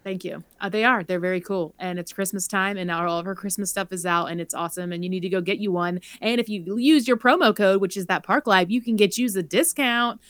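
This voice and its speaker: A woman's voice: mid-range voice, a little fast, hardly any pauses, fairly bright tone, no echo. Playful woman in her thirties co-hosting. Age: 30s. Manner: playful, chatty, teasing. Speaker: podcast co-host. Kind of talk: casual chat.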